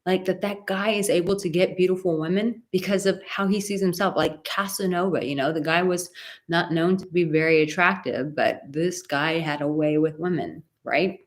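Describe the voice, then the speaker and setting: A woman's voice: on the low side, moderate pace. A woman dating coach giving emphatic, rambling advice in a live stream, often going off on tangents.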